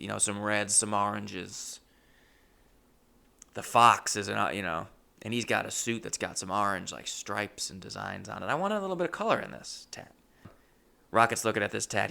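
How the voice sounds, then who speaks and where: Gravelly young man telling a comic story. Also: on the low side, fairly quick, sharp tone. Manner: rambling, self-mocking, rising to frantic bursts. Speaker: comedian.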